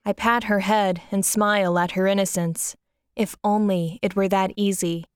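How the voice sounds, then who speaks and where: A woman narrates a first-person story in a soft, mournful reading voice. Her tone is smooth and clear. The recording is dry and close to the mic. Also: medium pitch, steady tone, moderate pace, dry recording.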